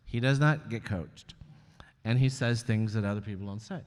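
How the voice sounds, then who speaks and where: Man with a smooth voice in a reverberant hall. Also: lowish voice. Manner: candid, wry, halting with restarts. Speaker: guest comedian and author. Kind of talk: live on-stage conversation. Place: stage at an arts venue before an audience.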